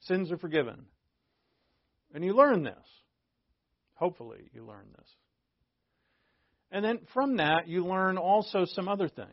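A man with a somewhat high voice teaches a Bible passage verse by verse, talking it through casually and restarting phrases as he goes. The recording sounds dry and a little dull, with no room around him. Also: animated, a little slow, long pauses, no room sound. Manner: conversational and digressive, with frequent restarts; explains terms plainly for listeners.

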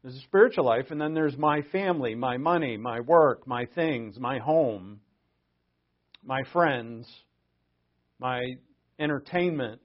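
A man's voice: medium pitch, animated, measured pace. Earnest guy preaching casually, restarts a lot then punches points hard, kinda muffled recording. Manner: earnest, conversational, with restarts and bursts of emphasis. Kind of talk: sermon.

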